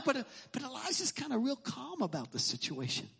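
A middle-aged male pastor preaching a sermon in a church, speaking emphatically and sometimes shouting, and acting out the lines he quotes. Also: very high-pitched, wildly swooping pitch, fairly quick, vocal fry, slightly rough.

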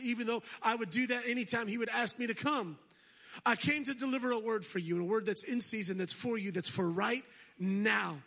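A male guest preacher in a church service, urging the congregation on with a voice pitched very high. His tone is bright and forceful. He calls for responses and slips in jokes. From United States. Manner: exhorting, calls for crowd response, humorous asides. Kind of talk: energetic sermon.

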